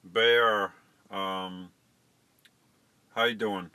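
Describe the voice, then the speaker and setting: A man's voice: on the low side, fairly even intonation, very slow, sharp tone, clear, resonant tone, no room sound. A middle-aged man hosting a casual live stream, chatting to viewers and fumbling with settings.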